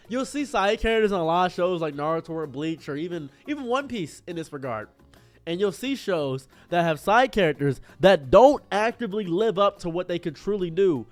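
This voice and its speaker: Excitable rambling man reacting to a show. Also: on the high side. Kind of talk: casual commentary.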